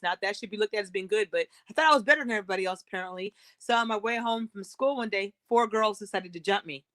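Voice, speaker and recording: A woman's voice: mid-range voice, a bit bright. A woman from California, earnest and reflective, telling a personal story in a casual conversation. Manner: earnest, reflective, spells things out. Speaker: podcast guest.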